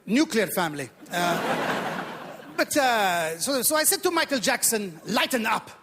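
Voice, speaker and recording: A man doing an exaggerated Iranian accent as a stand-up persona, with lively, mock-naive delivery. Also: high voice, a little slow, very noisy. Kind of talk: stand-up comedy. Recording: echoey theatre hall.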